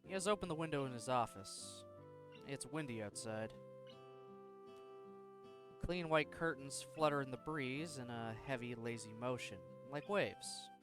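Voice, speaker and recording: A man's voice: medium pitch, music in the background. Introspective man reading a story aloud. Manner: slow, introspective, sometimes tongue-tied. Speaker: narrator reading a visual novel. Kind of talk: first-person story reading.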